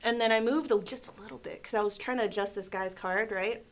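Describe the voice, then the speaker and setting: A young adult woman hosting a casual livestream, telling stories in an animated way, laughing often and saying "like" a lot. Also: medium pitch, fast. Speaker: livestream host. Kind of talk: casual storytelling chat.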